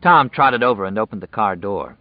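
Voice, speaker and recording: A man reading a novel aloud in measured, even scripted narration. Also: lowish voice, no room sound. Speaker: audiobook narrator. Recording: dull dry lo-fi audio.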